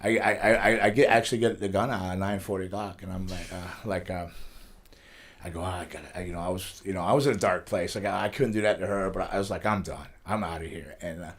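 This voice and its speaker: In a studio interview, a middle-aged wrestler tells rambling stories about his life, laughing his way through them. His voice is low-pitched and he talks quickly with fairly even intonation.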